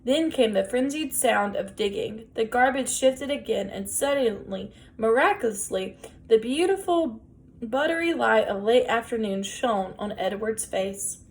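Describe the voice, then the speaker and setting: A woman's voice: a little high, lively intonation. Woman reading a children's novel aloud. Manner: gentle, measured storytelling. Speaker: audiobook reader.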